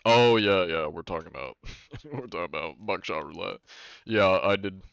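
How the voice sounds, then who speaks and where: A deep-voiced man chatting casually while live-streaming a game, laid-back and wry, swearing offhandedly. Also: normal speed, vocal fry, a bit bright, clean tone, no echo.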